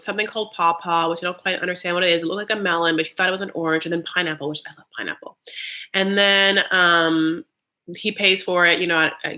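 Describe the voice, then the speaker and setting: A woman's voice: on the low side, bright, forceful tone. A woman hosting a live reaction stream, chatting casually and sassily with lots of filler words. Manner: chatty and sassy, full of "like" and "honey". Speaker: live reaction show host. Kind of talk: casual commentary.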